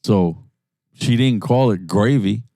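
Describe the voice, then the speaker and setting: A man's voice: on the low side, slow pace, no echo, clean studio sound. A man from New York co-hosting a podcast, casually teasing his friend with crude, profane banter from inside a jeep. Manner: loud, profane ribbing. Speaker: podcast co-host.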